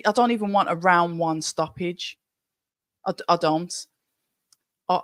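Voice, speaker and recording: A woman hosting a live fight watch-along stream, chatty and excitable, talking straight to her viewers. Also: fairly low pitch, no echo. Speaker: livestream watch-along host.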